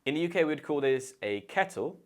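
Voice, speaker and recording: A man's voice: a little high, expressive, fairly quick. A man with a British accent explaining English words in a chatty, playful way as an English teacher.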